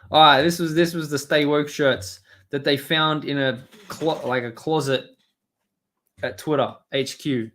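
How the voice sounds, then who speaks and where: A man's voice: on the high side, fairly even intonation, takes it slowly, pauses often, a bit bright. A man hosting a live stream, rambling and swearing as he reads and answers his chat. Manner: rambling, profane, talks to chat. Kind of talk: casual live-stream commentary.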